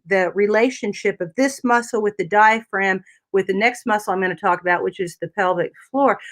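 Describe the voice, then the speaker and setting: A woman's voice: mid-range voice, fairly bright tone. A woman physical therapist explaining anatomy step by step on a talk radio show, often checking in with "right?" and "you know".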